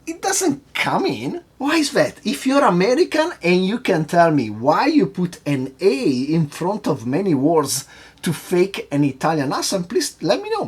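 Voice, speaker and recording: Husky, animated cocktail-show host man. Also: fairly high pitch. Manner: rambling, asks the viewer questions. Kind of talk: casual rant to camera.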